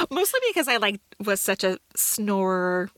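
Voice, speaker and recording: A woman's voice: mid-range voice, big pitch swings, takes it slowly, a bit bright, dry recording. A middle-aged woman co-hosting a podcast, telling a self-mocking story in casual chat, full of fillers. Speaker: podcast co-host.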